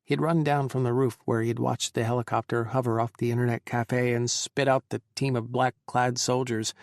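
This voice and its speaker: A man reading an audiobook in measured, dramatic storytelling narration. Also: medium pitch, little pitch movement, no echo, studio quality.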